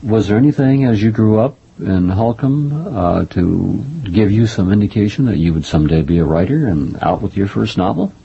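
Low husky-voiced male interviewer. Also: lively intonation, warm tone. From Oklahoma family roots. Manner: halting, many "uh" fillers, chatty. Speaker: interview host. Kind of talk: radio interview conversation. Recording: dull lo-fi audio.

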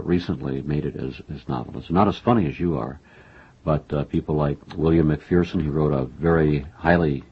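A man's voice: rumbling low, a little hiss or hum. A male interviewer hosting a conversation, asking leading questions in a wry, joking way. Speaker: interviewer, radio host. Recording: dull lo-fi radio recording.

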